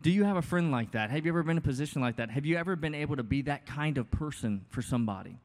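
A man's voice: on the high side, expressive, racing. A man in his thirties, a pastor preaching a sermon in a casual, joking, conversational way with many asides. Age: 30s. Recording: long hall reverb.

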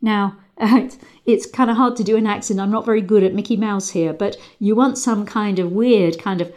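A woman riding instructor leading a calm, measured visualisation exercise with frequent pauses. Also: medium pitch. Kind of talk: guided visualisation lesson.

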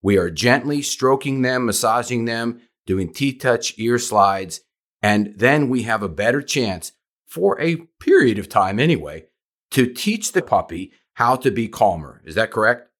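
A man's voice: medium pitch, lively intonation, measured pace, fairly bright tone. A man hosting a podcast, talking with enthusiasm in an easy conversational way as a dog trainer. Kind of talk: conversational interview.

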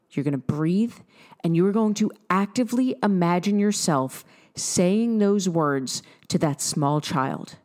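A woman in her thirties giving an upbeat, direct coaching talk to listeners, with lively bursts of emphasis. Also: fairly low pitch. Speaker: mindset coach.

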